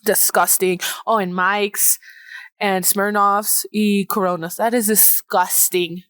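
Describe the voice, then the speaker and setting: A woman's voice: mid-range voice, little pitch movement, slow pace, a bit bright, clear, resonant tone, dry recording. A woman in her late twenties hosting her own podcast in casual chat, emotional and laughing through tears, now and then dropping into Spanish. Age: 20s. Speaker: podcast host.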